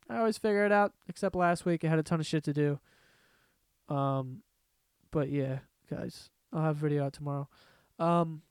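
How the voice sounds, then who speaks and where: A man's voice: fairly high pitch, clean tone, no room sound. A man hosting a casual solo podcast, ranting in a profane, rambling way from a room at home. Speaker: podcast host.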